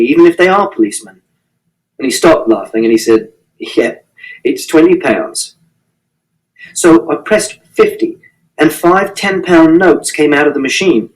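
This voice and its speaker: A man's voice: on the high side, expressive, normal speed. A man reading a first-person novel aloud in an earnest, literal, matter-of-fact way. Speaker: reader. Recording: distant mic.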